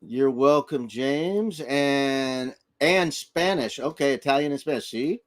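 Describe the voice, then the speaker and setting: A middle-aged grandfather co-hosting a casual livestream chat, telling animated family stories and acting out voices. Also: mid-range voice, slow pace, hardly any pauses. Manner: animated storyteller who acts out voices. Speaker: livestream co-host.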